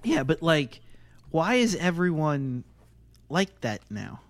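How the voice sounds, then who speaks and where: A man co-hosting a podcast in casual chat, quick with reactions and joking asides. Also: a little high, sing-song, no echo. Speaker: podcast co-host.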